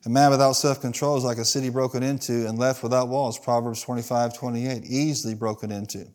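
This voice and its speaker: Speaking fast in a steady, slightly mellow voice of medium pitch, a pastor gives a sermon in church, inviting the congregation to reply and playing out the characters he describes.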